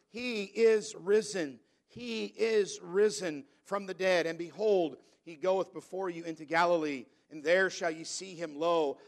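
A man preaching a sermon as pastor, reading scripture slowly and stressing key words. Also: high voice. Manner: preaching, reads scripture in King James wording, slows for emphasis.

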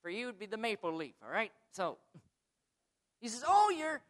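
A man who says he is from the United States preaches a sermon in a sing-song way, swinging between quiet asides and loud, high, drawn-out emphasis.

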